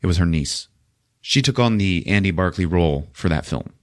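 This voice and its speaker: A man's voice: low-pitched, animated, normal speed, no echo, studio quality. A male podcast host casually recapping a horror film, joking and swearing often. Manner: profane, joking, laughs often.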